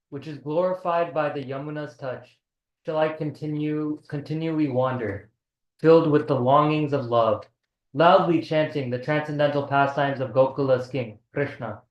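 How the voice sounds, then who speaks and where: Man reading a verse translation aloud. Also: on the high side. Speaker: reader of a translation. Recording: muffled and echoey.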